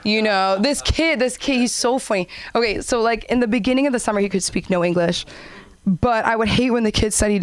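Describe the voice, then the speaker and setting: A young woman doing a stand-up comedy set and hosting an open mic, animated and acting out characters in high voices. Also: fairly quick, smooth. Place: comedy club stage.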